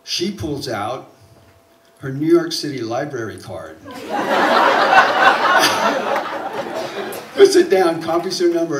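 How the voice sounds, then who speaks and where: A man from South Alabama with a Southern accent, telling a personal story live on stage, animated and getting louder at the tense moments. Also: mid-range voice, background noise. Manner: animated, building to loud excitement at tense moments. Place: theater stage. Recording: roomy live hall recording from a distance.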